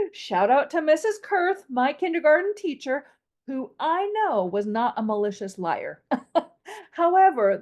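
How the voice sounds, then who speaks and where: A woman's voice: high voice, a little mellow. A woman voice coach hosting an instructional podcast, explaining and demonstrating vocal melody with a playful, laughing manner.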